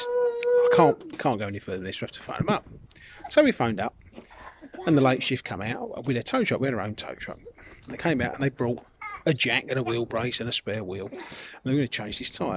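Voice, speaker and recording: Chatty man telling anecdotes. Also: medium pitch. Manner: chatty, wandering, self-correcting. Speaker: storyteller. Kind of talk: casual anecdote. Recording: dull lo-fi recording with background noise.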